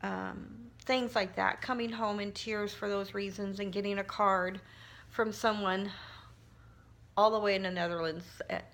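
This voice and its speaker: A woman's voice: mid-range voice, fairly even intonation, a little slow, a bit bright. A middle-aged woman talking casually while crafting, telling a personal story in a heartfelt, emotional way with frequent restarts. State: tearful at times. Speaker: crafting vlogger.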